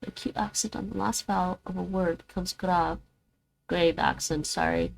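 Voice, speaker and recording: A woman's voice: lowish voice, moderate pace, creaky, a little hiss or hum, low-quality recording. Woman thinking aloud while practicing words. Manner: thinks aloud, repeats words after the app. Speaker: streamer learning languages. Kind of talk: casual live-stream language practice.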